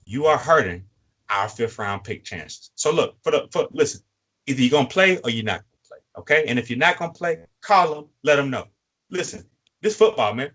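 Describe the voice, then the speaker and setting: Husky-voiced man, fired-up fan talk. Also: fairly high pitch, expressive, a little fast, fairly bright tone. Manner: preachy, repetitive, addressing a player directly. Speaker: co-host. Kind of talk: fan sports podcast talk.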